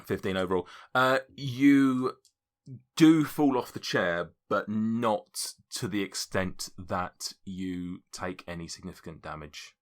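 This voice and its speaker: A man narrating as game master, chatty and quick to laugh. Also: deep voice. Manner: chatty, laughing often, casual swearing.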